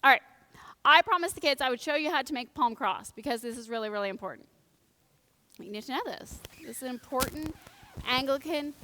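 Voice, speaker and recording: A woman preacher delivers a chatty, lively sermon in a slightly high voice. She bursts into loud excitement, then drops to hushed, serious tones. Her words ring out with the long reverb of a church sanctuary. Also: background noise. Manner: animated, swings from loud and excited to hushed and grave. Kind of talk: conversational sermon. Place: church during a live service.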